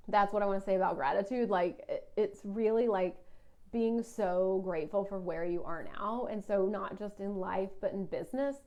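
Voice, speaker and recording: A woman's voice: medium pitch, a little mellow. A woman, a business coach talking through a casual solo podcast monologue. She is chatty and fills her talk with "like". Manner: chatty, heavy use of "like", puts on a whiny voice for complaints.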